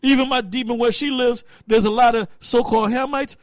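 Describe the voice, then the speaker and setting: A man with a high, lively voice preaches to his group in blunt, profane street talk. He often stalls mid-sentence hunting for a word, then presses on. The sound is dry and close. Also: fairly quick, no room sound. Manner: loses words and restarts while thinking aloud. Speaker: teacher leading a group study.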